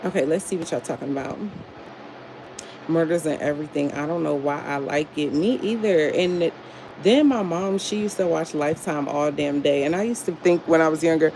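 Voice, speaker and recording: A young woman chatting casually on a livestream, profane and animated as she reads chat aloud. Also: deep voice, normal speed, slight background noise, rough recording. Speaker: livestream host.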